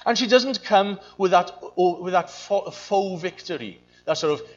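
A man's voice: high voice, unhurried, hardly any pauses, highs cut off. A man preaching a sermon, earnest and searching, often repeating his phrases. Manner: earnest, repeats phrases, mimics voices in quotes.

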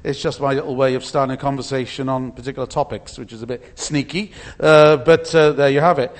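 A man's voice: medium pitch, fairly even intonation, a little fast. Chatty middle-aged man preaching. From Britain. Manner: chatty, anecdotal, many restarts and asides. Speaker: speaker at a church meeting. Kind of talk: informal talk with slides.

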